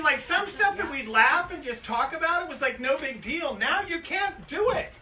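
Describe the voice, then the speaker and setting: A man's voice: extremely high pitch, sing-song, normal speed, hardly any pauses, over a noisy crowd. An older man reading his own memoir aloud at a bookstore event, profane and self-mocking, drifting into comic tangents. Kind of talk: live book reading with comic asides. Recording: echoey store room, heard from far off.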